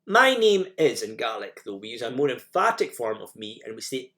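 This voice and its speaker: A man's voice: mid-range voice, sing-song, unhurried, few pauses, a bit bright. A man narrating a recorded language lesson, explaining each step and repeating example phrases for learners to copy. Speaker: teacher.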